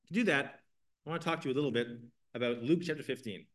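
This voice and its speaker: A man's voice: mid-range voice, quick pace. A man teaching an evening Bible class, reading scripture and explaining it earnestly, asking his class questions.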